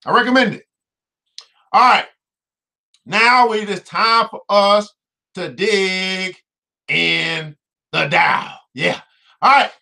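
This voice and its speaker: A man hosting a finance show in an energetic, preachy way, full of exclamatory asides. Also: high-pitched, drawn-out words, gravelly, long pauses. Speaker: host. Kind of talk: casual finance show talk.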